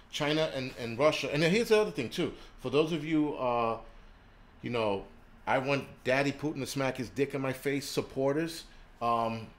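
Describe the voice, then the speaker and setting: A man hosting a livestream, ranting heatedly with lots of cursing and stammered restarts, reading and answering chat comments. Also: mid-range voice. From United States. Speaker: livestream host. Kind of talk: profane livestream rant.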